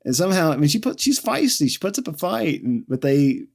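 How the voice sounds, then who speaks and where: A man hosting a podcast, recapping a film in a loose, animated way. He laughs often as he tells the story. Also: on the high side, a little fast, vocal fry. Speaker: podcast host recapping a movie. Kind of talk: casual chat.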